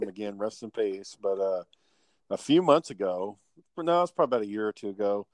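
A man's voice: mid-range voice, no echo. A man telling rambling, profane family stories in casual podcast chat.

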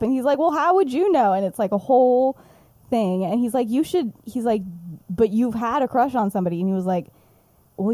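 A young podcast co-host chats casually, retelling a story she wrote and performing the characters' lines with plenty of giggles. Her mid-range voice is mellow, with no room sound.

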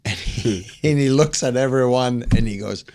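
Man, podcast guest, mid-pitched, storytelling, voice climbs when excited. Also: normal speed. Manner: acts out quotes, swings higher when excited. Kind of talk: animated storytelling.

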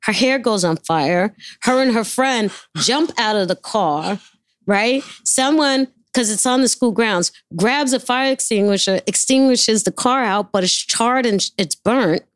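A woman spins a casual anecdote, swearing freely and acting out every bit of dialogue. Her voice sits a little high, and the sound is dry and close. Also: a little slow, dry recording. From New York. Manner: animated, profane storyteller acting out dialogue. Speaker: guest.

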